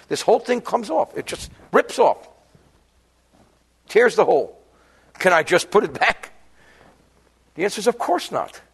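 Lively, joke-telling rabbi with a gravelly voice. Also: male voice, sits high. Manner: joking, chatty, mixing Hebrew terms into explanations. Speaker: rabbi teaching Jewish law. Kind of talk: daily study lesson.

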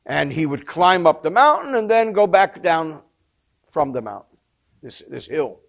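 A man's voice: a little high, big pitch swings, a little slow, gravelly, a bit bright. A man teaching a religious text, telling a story with expression and explaining Hebrew terms in English. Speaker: Torah teacher. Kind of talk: textual study lesson with storytelling.

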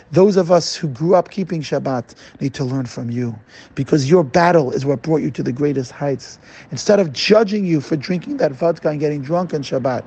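A man voicing a gentle older rabbi who speaks with tender, heartfelt warmth to a troubled man. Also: on the high side, vocal fry, husky. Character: gentle older male rabbi, deeply moved.

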